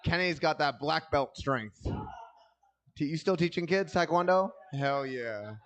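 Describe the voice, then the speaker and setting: A man's voice: on the high side, a little slow, fairly bright tone, muffled recording. A man doing a stand-up comedy set on a club stage, telling loose, rambling stories full of crude jokes into a handheld mic.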